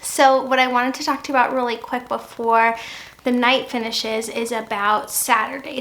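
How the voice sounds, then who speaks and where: A woman's voice: on the high side, gravelly, fairly bright tone, slight background noise, low-quality recording. A woman in her thirties, a mother, talking chattily in a casual home vlog, laughing easily and using fillers like "um" and "like". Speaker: vlogger and mother. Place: home, at a family dinner table and then in a quiet office.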